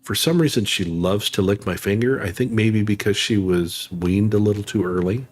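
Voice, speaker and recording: A man's voice: fairly low pitch, normal speed, breathy edge. A man chatting casually on a live game stream, thanking viewers and laughing easily.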